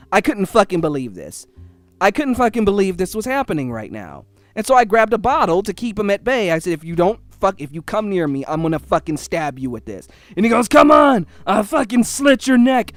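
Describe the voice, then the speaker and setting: Man with a high voice, angry profane storytelling, faint music behind. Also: no room sound. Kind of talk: casual storytelling.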